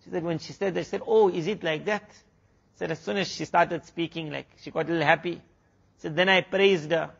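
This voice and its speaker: A man's voice: a little high, fairly even intonation, fairly quick, creaky, a bit bright, slightly rough, lo-fi sound. A man preacher with a South African accent, telling a sermon story full of quoted exchanges. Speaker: Islamic preacher.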